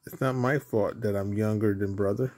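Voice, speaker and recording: A man's voice: on the low side, fairly even intonation, moderate pace, a little mellow, faint music behind. A man voicing a young girl bear cub who pleads and whines in a storybook. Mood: pleading.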